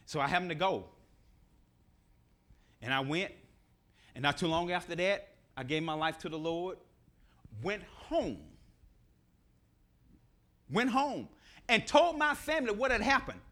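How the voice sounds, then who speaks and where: A middle-aged man preaching a sermon, animated and repeating his key phrases. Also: high voice, a little slow, pauses often. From Nashville, Tennessee.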